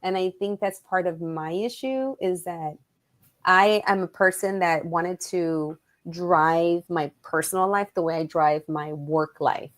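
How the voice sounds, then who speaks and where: A woman appears as a guest on a chat show, speaking casually in a lowish voice at a slightly slow pace. She's an animated storyteller who acts out quoted voices and sprinkles Spanish words into her English.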